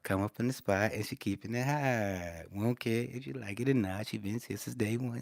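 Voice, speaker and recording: A man with a lowish voice chats casually with viewers on a livestream. He talks in a laid-back, slangy way and calls them "y'all". The sound is close and dry, with little room around it. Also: a little fast, vocal fry, few pauses, darkish tone, no echo. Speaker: livestream host.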